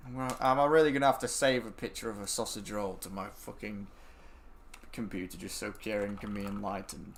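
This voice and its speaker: Excitable man streaming. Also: fairly low pitch, slight background noise. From England. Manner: rambling and excitable, swears freely, talks to friends on a call. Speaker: game streamer. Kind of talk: casual chat while gaming.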